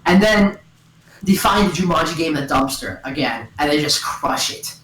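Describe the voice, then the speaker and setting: A woman talks into a gaming headset at home, tumbling through a story in a giggly, rambling rush. Her voice sits a little low, and the sound carries a roomy echo. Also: moderate pace, a little hiss or hum. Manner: excitable, giggly, full of "and then" and "like". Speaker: storyteller among friends. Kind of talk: casual rambling retelling over voice chat.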